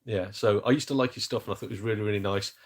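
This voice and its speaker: A man's voice: fairly low pitch, steady tone, rapid-fire. A man hosting a casual gaming live-stream chat, rambling and self-deprecating with jokes. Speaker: gaming YouTuber host.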